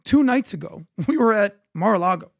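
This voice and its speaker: A man's voice: high-pitched, a little fast, gravelly, no echo, studio quality. A man co-hosting a political podcast, telling anecdotes and acting out the dialogue in them. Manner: animated anecdotal storyteller, acts out dialogue. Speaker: podcast co-host.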